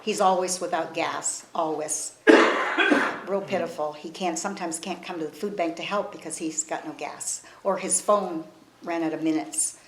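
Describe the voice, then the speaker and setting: An older woman with a fairly low voice, chatty and quick to laugh as she leads a casual church group talk. The room is echoey, with faint noise behind her. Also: steady tone. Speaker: discussion leader in a seniors' group.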